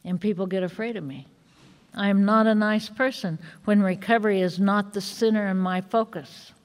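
A woman's voice: medium pitch, steady tone, normal speed. Middle-aged woman telling her recovery story, earnest and worked up at times, long echo in the hall. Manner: earnest storytelling with fillers, rising to agitated retelling. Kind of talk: personal testimony at a recovery meeting. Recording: reverberant hall.

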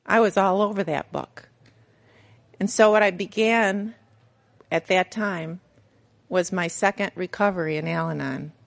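A woman's voice: on the low side, unhurried, gravelly, long pauses. A middle-aged woman giving a candid personal testimony to a recovery group, storytelling with self-mocking humor. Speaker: recovery meeting speaker.

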